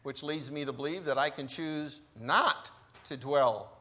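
A man preaching a sermon in a church, slow and emphatic, with deliberate pauses between phrases. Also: on the high side, pushed and bright. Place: church sanctuary.

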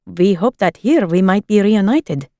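A woman reading a storybook voices a protective teenage brother who speaks in a hushed, halting way. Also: medium pitch, animated, no echo, studio quality. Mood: hushing. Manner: hushed, stammering.

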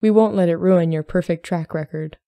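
A woman reading as a plain-spoken young gentleman suitor who talks in a calm, matter-of-fact way. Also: high voice, normal speed, creaky, no room sound, studio quality. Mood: steady.

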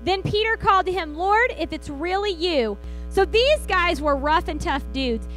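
A woman pastor preaches in a church, acting out the lines of the story as she goes. Her voice sits very high and rings bright and clear. Faint music plays behind her. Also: lively intonation, normal speed, poor audio. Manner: storytelling with acted-out quotes. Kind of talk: sermon. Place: church sanctuary.

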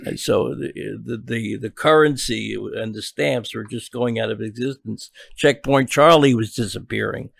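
An older man, a journalist guest on a podcast, telling a long story in a halting way with many restarts and repeated words. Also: mid-range voice, creaky, no room sound.

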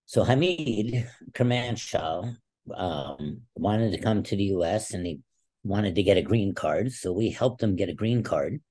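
A man in his sixties, a podcast guest, telling animated stories and acting out quotes. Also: fairly low pitch, measured pace. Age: 60s. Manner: animated storyteller who acts out quotes. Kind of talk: casual interview storytelling.

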